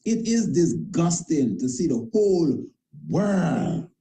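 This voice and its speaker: This priest, who also hosts an internet show, speaks slowly but very animatedly in a slightly high, dark-toned voice. The rough recording captures an impassioned, repetitive talk-show monologue peppered with tag questions and informal grammar.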